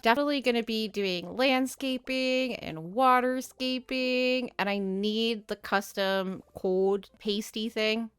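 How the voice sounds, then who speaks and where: Young woman, gaming host. Playful and chatty, slightly high, smooth, dry close sound. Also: a bit bright, no echo. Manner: playful, chatty, reads game dialogue aloud. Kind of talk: casual gameplay commentary.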